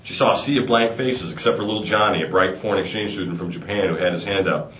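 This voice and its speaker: A man's voice: sits low, quick pace, reverberant, recorded from a distance, a little hiss or hum. A man hosting a radio show, chatting and telling jokes in a jokey way that repeats itself. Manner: animated, jokey, repeats himself. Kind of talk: morning radio banter and joke telling.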